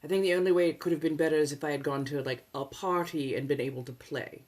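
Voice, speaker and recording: A woman with a notably low voice, speaking in a put-on 1700s colonial American accent. She hosts an ASMR livestream in a soft-spoken, chatty way. Her delivery is teasing and playful, with frequent laughs. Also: steady tone, fast.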